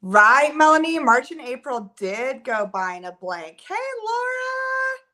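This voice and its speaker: Woman, casual livestream chat, rambling, lots of fillers, bright ringing voice, camera on a holder at home. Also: fairly high pitch, expressive, unhurried. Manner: chatty, rambling, filler words. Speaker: livestream host. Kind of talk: casual chat with live viewers.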